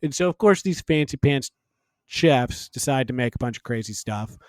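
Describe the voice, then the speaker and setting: A man co-hosting a podcast in casual chat, animated and rambling, laughing often as he talks. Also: medium pitch, normal speed, no room sound. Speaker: podcast co-host.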